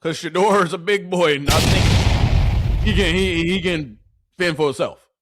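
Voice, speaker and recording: A man's voice: on the high side, unhurried, no echo, clean studio sound. A man giving casual sports reaction commentary, heated and mocking, with plenty of profanity.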